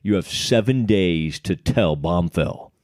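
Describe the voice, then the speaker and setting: In a clean studio recording with no echo, a middle-aged man with an East Texan accent co-hosts a sports podcast, moving between casual chat and a host-read ad. His deep, darkish voice is expressive and slow, and his manner is jokey and enthusiastic.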